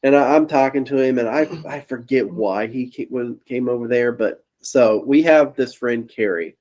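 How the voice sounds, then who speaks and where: Rambling animated young man telling a story. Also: medium pitch, moderate pace. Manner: rambling, animated, laughs at his own story. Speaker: podcast co-host. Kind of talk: casual storytelling chat.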